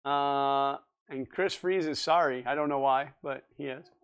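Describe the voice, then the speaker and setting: A man's voice: mid-range voice, fairly even intonation, unhurried, a bit bright, clear, resonant tone. A man in his forties hosting a casual live stream, rambling and chatting as he answers viewers' comments. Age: 40s. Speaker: livestream host.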